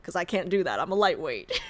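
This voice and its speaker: A young woman streaming a game, chatting casually and excitably, swearing and filling with "like". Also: lowish voice, fairly quick, no room sound. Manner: excitable, swears a lot, fills with "like". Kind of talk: casual gameplay commentary.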